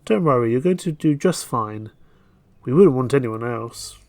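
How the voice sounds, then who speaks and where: A man's voice: mid-range voice, expressive, moderate pace, darkish tone, dry recording, lightly acted. A man voicing a sly talking ocean. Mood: sly teasing. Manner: smooth, mock-polite, insinuating.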